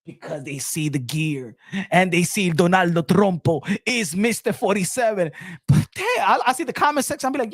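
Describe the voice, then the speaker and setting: A man hosting a boxing livestream, rowdy and laughing, often shouting as he reacts to chat. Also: high-pitched, expressive, a little fast, no room sound, clean studio sound. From Dominican Republic family roots. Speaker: boxing channel host. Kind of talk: excited live commentary.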